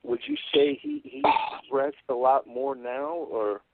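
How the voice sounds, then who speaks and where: A man hosting an interview, asking questions in a halting way and stumbling over his words. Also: medium pitch, wildly swooping pitch, gravelly. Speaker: interview host. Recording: tinny phone-like audio.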